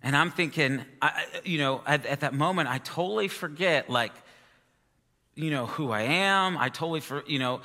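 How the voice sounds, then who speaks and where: Male preacher, chatty sermon storyteller; bright tone, long hall reverb. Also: a little high, normal speed. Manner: chatty, self-amused storytelling with laughs.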